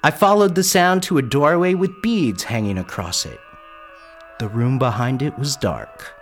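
A man narrating a first-person story in a lively, wry way. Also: medium pitch, a little slow, soft background music.

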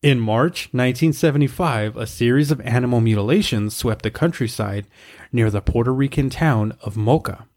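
A man co-hosting a podcast, reading research aloud in a steady way with wry asides. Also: medium pitch, normal speed. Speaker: podcast co-host.

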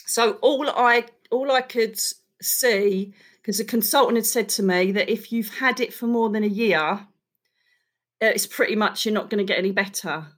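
A woman's voice: medium pitch, normal speed. Frank woman telling her story. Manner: frank and earthy, with mild swearing and restarts. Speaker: podcast guest, psychic and author. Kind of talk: candid storytelling in an interview.

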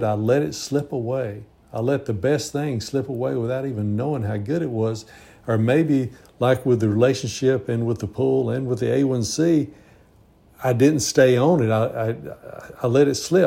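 A man's voice: medium pitch, vocal fry, mellow. A man in his sixties giving an earnest, rambling reflective monologue with frequent restarts. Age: 60s.

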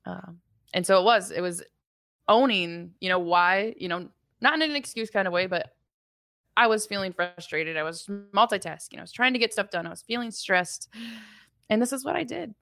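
A woman's voice: medium pitch, lively intonation, moderate pace, vocal fry, a bit bright, no room sound, studio quality. A woman in her thirties co-hosting a parenting podcast, telling a candid story about her child in a reflective, self-mocking way. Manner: candid, reflective, laughs at herself. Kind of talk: casual conversational storytelling.

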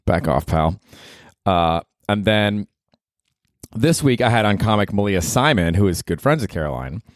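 Young male comic hosting a solo pod, lowish voice, dry close sound, rambling and self-deprecating. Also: expressive, moderate pace, dry recording. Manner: self-mocking, rambling, with filler. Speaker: podcast host. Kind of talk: solo comedy podcast monologue.

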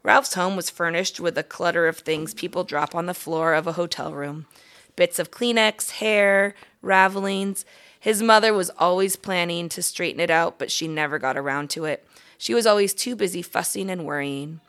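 A woman's voice: fairly low pitch, normal speed. Woman reading a children's book aloud. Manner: expressive storytelling. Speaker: guest reader.

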